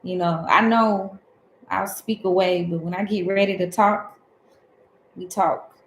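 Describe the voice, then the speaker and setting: A woman's voice: fairly low pitch, steady tone, measured pace, roomy sound, a little hiss or hum, poor audio. A woman from Alabama with a Southern accent, giving a rambling, conversational spiritual talk as a tarot host.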